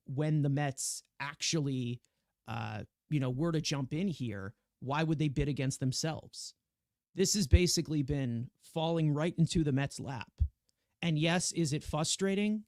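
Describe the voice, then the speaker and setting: A man co-hosting a casual sports podcast, animated and rambling with many restarts. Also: mid-range voice, no room sound, clean studio sound. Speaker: podcast co-host.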